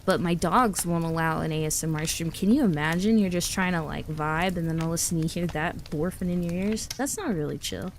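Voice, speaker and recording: A woman's voice: on the low side, brisk, hardly any pauses, slight background noise. Giggly chatty woman streamer. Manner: chatty, giggly, rambling with restarts. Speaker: livestreamer. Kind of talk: casual chat with live chat.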